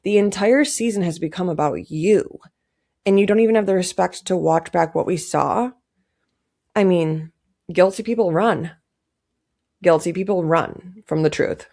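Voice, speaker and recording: A woman's voice: lowish voice, measured pace, vocal fry, dark tone. A young woman giving casual, indignant commentary to camera, stressing her points by repeating them. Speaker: pop culture commentator.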